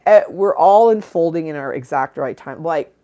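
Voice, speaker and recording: A woman's voice: low-pitched, animated, normal speed, dark tone. A woman hosting a livestream in casual chat, rambling and candid, laughing often and swearing freely. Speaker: livestream host.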